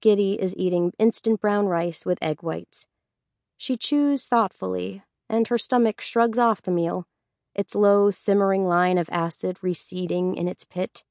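A woman reading a novel aloud as an audiobook narrator in a steady, even storytelling voice. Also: mid-range voice, unhurried, no room sound, studio quality. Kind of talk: scripted narration.

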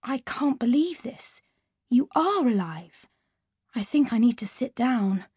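Woman doing a stunned adult ballet teacher for an audiobook, low, subdued, breathy, dry. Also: lively intonation, takes it slowly, darkish tone, no room sound, full character voice.

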